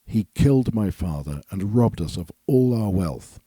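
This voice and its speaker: A man's voice: fairly low pitch, animated, measured pace, husky, no room sound. A man voicing Jack, a brave young boy in a storybook reading, calling out urgently. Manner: urgent, shouting.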